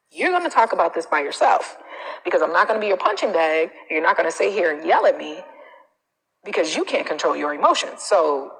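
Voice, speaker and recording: A woman's voice: big pitch swings, a little fast, a bit bright, slightly rough. Emphatic woman coaching in a reverberant room. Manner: emphatic, repeats phrases, frequent "okay?" tags; acts out others' quoted lines in a higher voice. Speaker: confidence coach. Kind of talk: live-stream advice talk.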